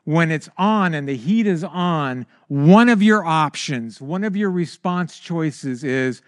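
A man preaching a sermon in an animated way, stammering when excited and breaking into anguished high cries. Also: slow pace, no room sound, clean studio sound.

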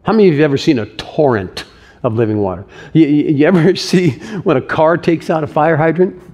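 Man, pastor, sermon, slightly high voice, earnest, conversational, joking asides, church. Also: fairly quick, darkish tone.

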